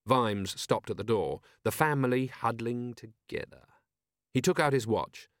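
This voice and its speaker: A man narrating an audiobook in a wry, expressive way, recorded in a studio. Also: mid-range voice, a little slow, dry recording.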